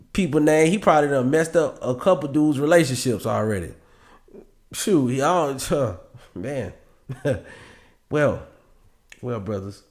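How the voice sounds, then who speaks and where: A man hosting a podcast, reacting to a clip and giving dating advice in a lively, mocking way, often laughing. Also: on the low side. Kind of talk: reaction commentary.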